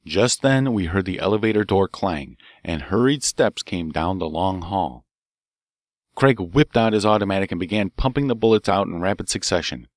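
A man narrating a detective story audiobook in a steady, measured way. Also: sits low, no echo, clean studio sound. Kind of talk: scripted narration.

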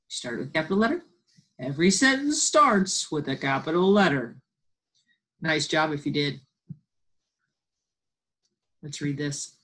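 A woman teacher giving a remote phonics and spelling lesson, slowly sounding out letters and words and encouraging her absent students. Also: low voice, animated, fairly bright tone, slightly rough.

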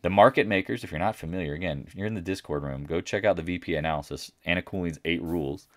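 A man's voice: sits low, fast, no room sound, studio quality. A man hosting a casual market recap, talking bluntly and boastfully, with mocking asides. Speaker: market commentary host.

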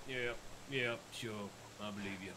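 A man's voice: mid-range voice, steady tone, normal speed, bright, forceful tone, a little hiss or hum. A man in a roleplay game who taunts and mocks another character. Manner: taunting, mocking.

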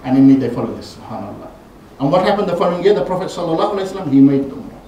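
Guy giving a sermon in a big mosque hall, lots of echo, faint room hum, gets loud and high when quoting people. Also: rapid-fire. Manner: animated storytelling, voices quoted figures with rising pitch and force. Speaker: imam giving Friday sermon. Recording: very echoey hall, voice from far off.

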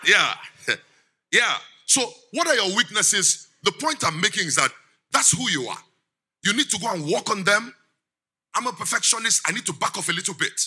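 A middle-aged man delivers a lively guest sermon, laughing often and firing questions at the congregation. His voice sits a little high and sounds sharp and forceful, with a raspy edge. His pitch swings widely as he preaches. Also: moderate pace. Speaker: guest speaker.

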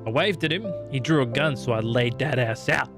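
A man's voice: mid-range voice, a little fast. An Australian man streaming a survival game, swearing and joking in mock outrage. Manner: lively, swears a lot, jokey mock-outrage. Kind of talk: casual gaming commentary. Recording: game music behind the voice. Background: game music.

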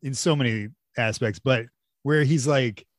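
A podcast co-host chats casually with enthusiasm and plenty of swearing, often ending lines with "man." His medium-pitched voice moves a little slowly, and the studio recording is clean with no room sound.

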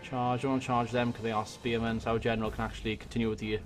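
A man from Wales with a Welsh accent, giving excitable let's-play commentary on a strategy game into a desk microphone, swearing and muttering to himself as he plays. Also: mid-range voice, fast, faint music behind. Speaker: gaming YouTuber. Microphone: desk USB microphone.

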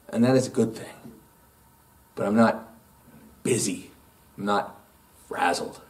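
A man, a pastor, reading a gospel passage and preaching a sermon in a church, with slow, emphatic phrasing. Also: lowish voice, steady tone, recorded from a distance. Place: church sanctuary.

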